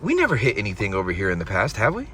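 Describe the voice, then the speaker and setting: A man's voice: lowish voice, huge pitch swings, rapid-fire, pushed and bright. A man from Florida with a Southern country accent, chatting casually and swearing on a vlog recorded on a handheld phone. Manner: rambling, jokey, swears a lot. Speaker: paranormal vlogger. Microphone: phone camera held by a companion.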